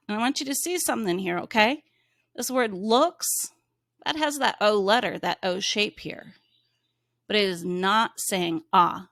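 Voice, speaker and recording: A woman teaching a phonics reading lesson to young children, drawing out sounds slowly and gently prompting the child with questions. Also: mid-range voice, lively intonation, dry recording, clean studio sound. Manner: slow, clearly sounded-out words for young children.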